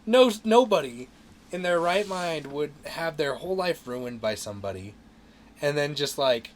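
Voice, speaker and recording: A man's voice: on the high side, animated, moderate pace, slight background noise. A young man co-hosting a podcast, talking as an enthusiastic fan in casual chat and swearing now and then. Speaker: podcast co-host. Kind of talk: casual movie review chat.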